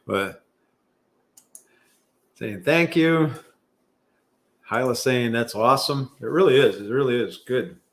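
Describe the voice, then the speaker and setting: Rambling middle-aged host chatting live. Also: male voice, medium pitch, fairly bright tone. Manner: rambling, many fillers and restarts, self-deprecating. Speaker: livestream host. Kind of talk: casual live chat reading viewer comments.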